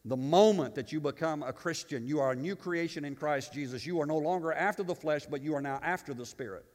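Booming pastor in a reverberant hall. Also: male voice, fairly quick. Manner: swings from booming proclamation to quiet asides, repeats words. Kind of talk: sermon.

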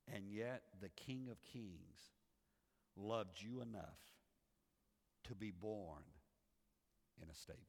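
Slow, gravelly pastor preaching in a hall. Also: male voice, on the low side. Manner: earnest storytelling, repeats phrases. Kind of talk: sermon. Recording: reverberant hall.

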